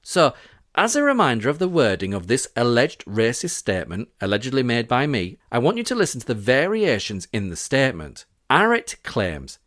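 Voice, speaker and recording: A man's voice: medium pitch, wildly swooping pitch, moderate pace, fairly bright tone, dry recording, studio quality. A man from Britain hosting a scripted podcast, reading out witness quotes with sarcastic, indignant asides. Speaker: podcast host.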